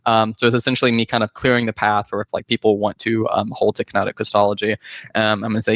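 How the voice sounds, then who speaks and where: A man presenting his book's argument in a casual academic style, talking fast with many fillers and restarts over a video call. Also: fairly low pitch, level tone, a bit bright, dry recording, muffled recording. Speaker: guest presenter, author.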